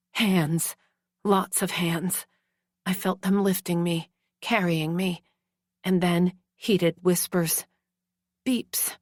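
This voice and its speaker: Woman narrator, slow and dry, anguished first-person reading. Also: lowish voice, no echo. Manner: slow, anguished, breathy at times.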